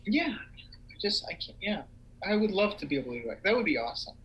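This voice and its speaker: A young man co-hosting a casual livestream chat, animated and rambling with lots of fillers. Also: high voice, fast, highs cut off. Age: young adult. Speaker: podcast co-host.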